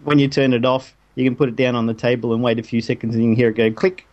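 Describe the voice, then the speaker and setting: A man's voice: medium pitch, flat delivery, quick pace, a little mellow, highs cut off. A man, co-hosting a casual tech chat, rambling with plenty of fillers. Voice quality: rambling, hesitant, lots of fillers. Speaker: tech podcast co-host.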